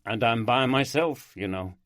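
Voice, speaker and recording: A man's voice: mid-range voice, normal speed, fairly bright tone, no room sound, close to an everyday voice. Blunt yorkshire detective, plain-spoken, dry close sound, a male narrator doing him. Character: middle-aged Yorkshire detective, blunt, theatrical.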